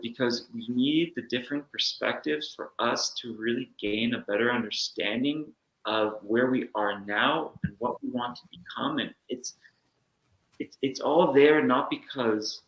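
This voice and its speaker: A man's voice: mid-range voice, measured pace, a bit bright. Earnest man in an echoey room. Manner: earnest, reflective, acts out inner voices. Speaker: guest. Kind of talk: casual chat.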